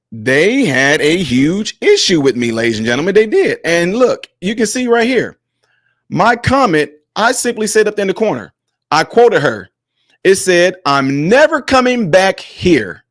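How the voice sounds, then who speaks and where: A man's voice: fairly high pitch, no room sound, studio quality. A man hosting a political commentary vlog, scolding and mocking with a stream of rhetorical questions. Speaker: host of a commentary channel.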